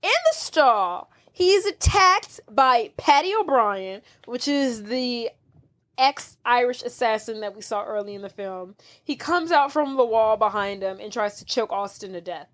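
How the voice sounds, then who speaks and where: A woman's voice: on the high side, a little slow. A woman co-hosting a podcast, recapping a movie in casual chat and laughing often as she tells the story. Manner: giggly, animated storytelling. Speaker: podcast co-host.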